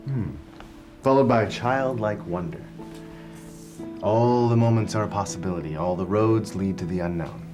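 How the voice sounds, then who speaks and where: A man's voice: lowish voice, moderate pace, lightly acted. A man directing a play read-through, coaxing and patiently strained, with faint music behind. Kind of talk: rehearsal direction.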